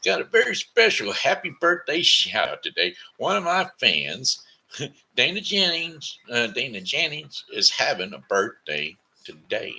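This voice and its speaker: A man's voice: mid-range voice, huge pitch swings, a little slow, creaky, sharp tone, slightly rough. A man hosting a casual live stream, folksy and rambling with sing-song asides. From Missouri. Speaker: host.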